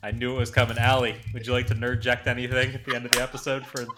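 A man's voice: mid-range voice, flat delivery, very fast, noisy background. A man hosting a podcast in an upbeat, easygoing way. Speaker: podcast host. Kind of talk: casual chat and sign-off.

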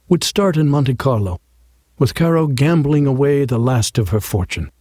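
A man narrating an audiobook in a wry, measured way, close to a studio mic. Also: medium pitch, dark tone, dry recording.

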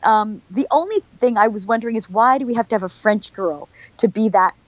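A woman's voice: a little high, animated, brisk, dry recording, lo-fi sound. A middle-aged woman, an actress being interviewed, chatting in a bubbly, rambling way and laughing often. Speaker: actress guest. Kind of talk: casual interview chat.

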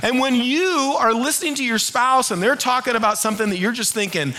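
A middle-aged male pastor preaches with a high, bright voice. He keeps it conversational and lively, pulling the congregation into call-and-response. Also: quick pace. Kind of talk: sermon.

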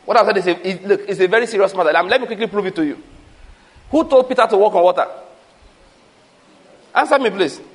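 A man preaching a sermon, animated, asking the congregation questions and calling for answers. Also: high-pitched, fast, pauses often. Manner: animated preaching with rhetorical questions and call-outs. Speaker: pastor.

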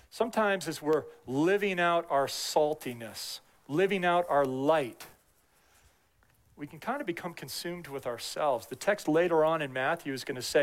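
A middle-aged man preaches in a relaxed, conversational way, circling back to repeat his key phrases. His voice sits a little higher than most men's. He drops in personal asides between the readings. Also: normal speed. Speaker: pastor. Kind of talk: sermon.

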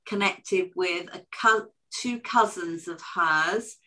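Woman co-hosting a podcast, bright clear voice, kinda low, chatty with lots of ums. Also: takes it slowly. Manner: chatty, warm storytelling with fillers and restarts. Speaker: podcast co-host. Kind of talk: casual interview chat.

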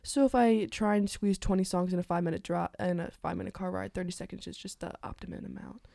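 A woman's voice: on the low side, quick pace, gravelly, mellow, dry recording, clean studio sound. A teenage girl in a casual podcast chat, cheeky and teasing. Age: teens.

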